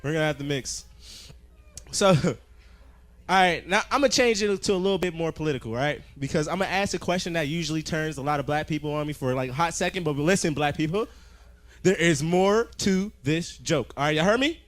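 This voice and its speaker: A man doing a stand-up set on a club stage, loud and animated, swearing a lot. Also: fairly high pitch, fast talker. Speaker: stand-up comedian.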